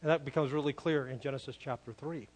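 A man's voice: mid-range voice, fairly even intonation, quick pace. A man preaching a sermon as a pastor, earnest and emphatic, often restarting his phrases as he builds a point. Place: church. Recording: long hall reverb.

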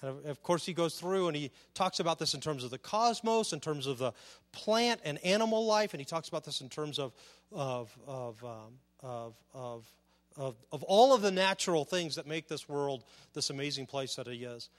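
A man preaching a sermon, animated, full of rhetorical questions, often repeating words as he searches for the next one. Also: fairly high pitch, normal speed, long reverb tail. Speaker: pastor.

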